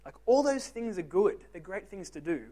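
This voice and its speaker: A man's voice: high-pitched, sing-song, moderate pace, dark tone. A young man giving a casual youth group talk, joking and self-deprecating, asking the teens direct questions. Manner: talks straight to the teens with questions.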